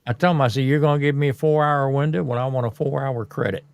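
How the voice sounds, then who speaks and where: A podcast host with a gravelly, creaky voice at an ordinary pitch for a man. He talks bluntly and plainly, giving his opinions without fuss in relaxed conversation. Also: quick pace. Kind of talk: casual podcast chat.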